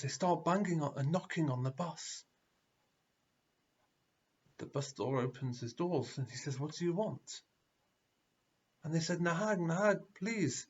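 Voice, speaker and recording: A rabbi delivers a sermon, telling a story with animation. His voice is a bit high and husky. The recording is dull and lo-fi.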